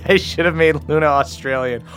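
A man's voice: fairly high pitch, fairly quick, a bit bright. A man narrating as game master for a tabletop game with friends, laughing often and swearing casually.

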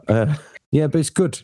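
A man's voice: on the high side, dark tone, breathy edge, no room sound. A man hosting a casual football podcast, chatty, often restarting his sentences and firing off questions. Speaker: podcast host.

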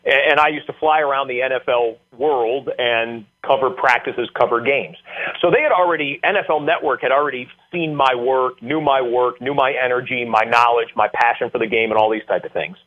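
A man guest telling animated stories with many fillers during an interview. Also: mid-range voice, brisk. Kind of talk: casual storytelling interview. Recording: tinny phone line.

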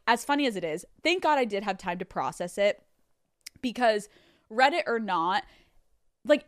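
Woman, podcast host, expressive storyteller who swears freely, slightly high voice, dry studio. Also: dry recording. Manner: animated, acts out voices of others, swears freely. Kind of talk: solo storytelling chat.

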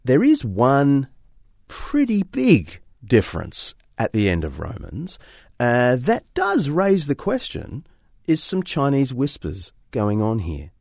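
A man presenting history in a lively storytelling way, quoting old texts aloud. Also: medium pitch, slow, gravelly, dry recording, studio quality. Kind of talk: documentary-style explanation.

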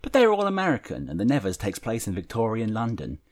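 A man's voice: fairly low pitch, wildly swooping pitch, fast. A man hosting a fan podcast, chatting casually and reading listener letters aloud. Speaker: podcast host.

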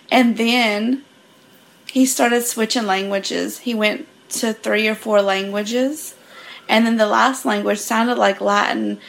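A woman's voice: mid-range voice, gravelly. A woman guest casually telling a story on a podcast, laughing often and quoting what people said. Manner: laughing, animated retelling with many quoted lines.

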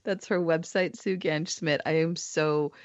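An effusive woman host with a lowish voice gushes over her guest. The sound is somewhat dull and dry. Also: steady tone, unhurried, no room sound. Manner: effusive, enthusiastic. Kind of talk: casual interview.

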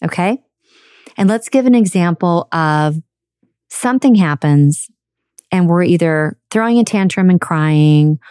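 A woman talks through a self-help podcast in an earnest, conversational way. Her voice sits a little low and sounds mellow and warm. The sound is dry and close, with no room echo. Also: clear, resonant tone. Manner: earnest, conversational, acts out quoted parents. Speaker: podcast host.

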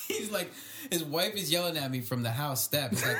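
A man's voice: high-pitched, a little slow. A young man in casual podcast chat, his voice swooping up and down as he tells a story. He laughs often between lines, with a faint hiss behind him. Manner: animated, laughs often while telling a story. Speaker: podcast co-host.

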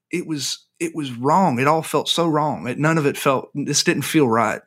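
A man, an author and interview guest, telling a personal story in an animated, self-deprecating way, often restarting his sentences. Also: fairly high pitch, measured pace.

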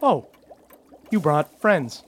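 A guileless little clockwork automaton, gnome-sized and painfully earnest, as a man puts on the voice. He speaks slowly and literally, in a pitch sitting a bit high for a man, with halting pauses in a tabletop game. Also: big pitch swings, slight background noise. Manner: slow, halting, overly literal.

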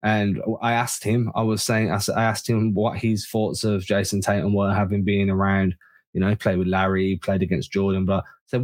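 A man's voice: on the low side, level tone, brisk. A man co-hosting a sports podcast, giving emphatic opinions in casual chat. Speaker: podcast co-host.

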